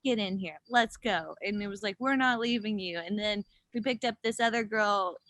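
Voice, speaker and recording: Race tales from a young woman who rides gravel professionally, told as a guest in casual chat at a normal pace. Her voice is medium in pitch with no echo; she's lively, acts out what people said, and curses freely.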